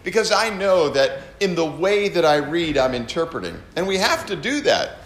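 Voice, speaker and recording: Male pastor, lively teaching sermon, slightly high voice, echoey room. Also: moderate pace. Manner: animated, acts out readings in different tones.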